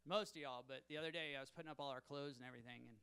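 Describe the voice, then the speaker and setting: Gravelly, bright-toned young stand-up comic. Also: male voice, mid-range voice, very fast. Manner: self-deprecating, nervous, chuckling at his own jokes. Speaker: stand-up comedian. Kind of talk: stand-up set. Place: comedy club stage.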